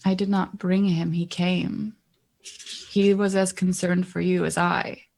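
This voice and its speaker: A woman's voice: on the low side, level tone, slow, gravelly, darkish tone, exaggerated voice. A woman playing a blunt, unadorned noblewoman. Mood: concerned. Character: blunt young woman confronting her king.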